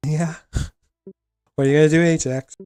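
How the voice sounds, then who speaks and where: A man narrating a tabletop role-playing game as game master, relaxed and with many fillers. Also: a little high, normal speed, clean tone, no room sound, soft background music.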